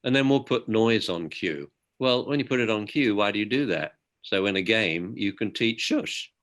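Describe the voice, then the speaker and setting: A man with a British accent, a dog behaviour expert giving an outspoken, lively interview. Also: lowish voice, normal speed. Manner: outspoken, animated storyteller. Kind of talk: conversational interview.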